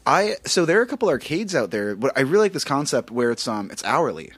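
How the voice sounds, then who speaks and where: A man's voice: mid-range voice, very animated, quick pace, a bit bright, slightly rough, no echo. A man from Los Angeles, a guest comedian, telling rambling stories with lots of fillers in a casual podcast chat.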